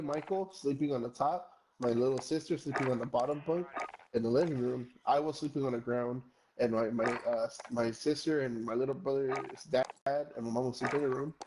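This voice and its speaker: A man's voice: mid-range voice, background noise. Rambling, cursing young man telling a story. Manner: profane, rambling, says "bro" a lot; switches between English and Spanish. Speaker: gamer streamer. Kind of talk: casual storytelling while gaming.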